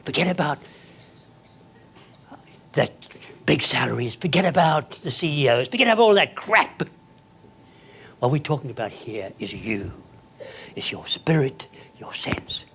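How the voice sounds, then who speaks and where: A man giving a dramatic, emphatic motivational speech to an audience, with sudden soft drops and loud bursts. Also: mid-range voice, sing-song, a little slow, pauses often, husky. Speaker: keynote speaker.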